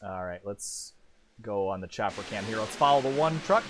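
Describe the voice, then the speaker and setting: A male play-by-play voice for a sim racing broadcast, chatty and quick to poke fun at himself. His pitch sits mid-range but leaps up when he calls the action. He talks through the field truck by truck. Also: animated, background noise. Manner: chatty and self-deprecating, swings up in pitch on race calls. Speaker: lead race commentator.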